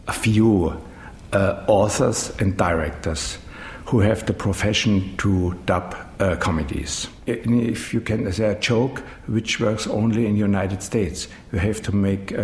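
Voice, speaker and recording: Brief: middle-aged man, German accent, very low voice, hesitant non-native English, echoey room with faint rumble. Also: darkish tone. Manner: halting, searching for English words with many ums. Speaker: managing director of a dubbing studio. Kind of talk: interview answers.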